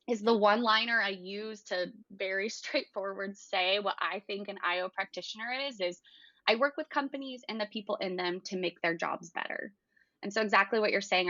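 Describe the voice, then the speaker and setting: Bright-voiced woman, upbeat podcast guest. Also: mid-range voice, no echo, lo-fi sound. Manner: articulate, upbeat, laughs often. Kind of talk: casual interview conversation.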